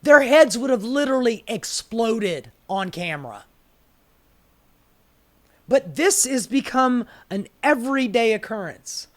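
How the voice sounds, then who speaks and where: A political commentator who rants in an unhurried drawl, sarcastic and heavy on profanity. The voice sits in a middling register, and the commentator keeps firing off exasperated rhetorical questions. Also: mid-range voice, sing-song.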